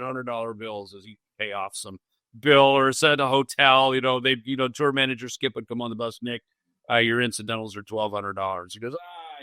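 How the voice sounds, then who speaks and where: A man's voice: on the high side, bright, forceful tone, dry recording. A man hosting a podcast, recounting a memory in a loose, rambling way full of "you know" asides. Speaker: podcast host. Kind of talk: casual conversational storytelling.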